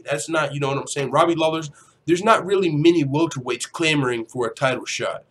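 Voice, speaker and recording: A man's voice: a little high, fairly quick. A young man hosting a casual MMA livestream, rambling and profane, reading out chat comments. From grew up in a Mexican neighborhood. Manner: rambling, profane, slangy, with mock voices.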